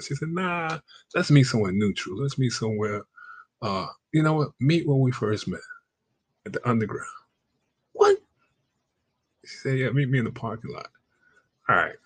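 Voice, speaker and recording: A man's voice: medium pitch, expressive, unhurried, pauses often, slightly rough, no room sound. A man telling a personal story in a casual, slangy way, acting out the lines of the people in it. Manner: acts out quoted dialogue in a raised voice; slangy, conversational.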